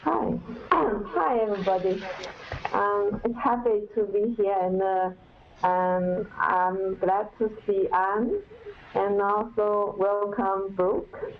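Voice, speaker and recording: A woman's voice: medium pitch, takes it slowly, creaky, a little hiss or hum. A woman greeting the group hesitantly, with many fillers. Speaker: hangout participant. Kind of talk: casual group video chat. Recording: muffled webcam call audio.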